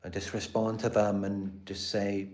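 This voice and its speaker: Lowish, level, and darkish in tone, the man speaks at a measured pace. He's the British host of a live stream on narcissistic abuse, and his casual talk meanders, with restarts, repetitions, and lots of "you know."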